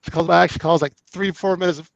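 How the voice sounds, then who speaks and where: A man with a slightly high, gravelly voice spins a story on a podcast, slipping into the voices of the people in it. The sound is close and dry, with no room around it. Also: fast, dry recording, dull audio. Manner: animated, acts out both sides of conversations, laughs often. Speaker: actor guest. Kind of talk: casual storytelling.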